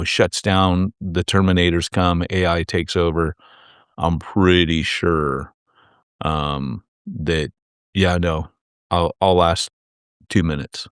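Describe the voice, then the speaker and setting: A man's voice: low-pitched, clear, resonant tone, no echo, studio quality. A man co-hosting a podcast, chatting casually and telling rambling stories with lots of restarts. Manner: animated, rambling storyteller with many restarts. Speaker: podcast co-host. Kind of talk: casual chat.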